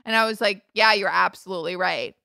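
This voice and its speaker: A woman in her thirties talking in a casual chat. She sounds bright and forceful, with a dry, close sound, and she keeps the talk lively and candid with frequent laughs. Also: mid-range voice, brisk, vocal fry, dry recording. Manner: candid, laughing, animated storytelling.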